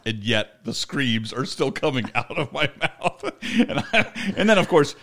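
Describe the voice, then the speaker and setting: A man's voice: mid-range voice, sing-song, measured pace, vocal fry, fairly bright tone. A middle-aged man co-hosting a podcast, telling a story in casual chat and laughing often as he talks. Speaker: podcast co-host.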